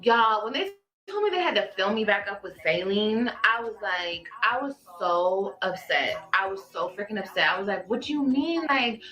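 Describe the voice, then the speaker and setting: A young woman vlogger telling her story to viewers in a drawn-out, animated way. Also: medium pitch, roomy sound, soft background music, poor audio.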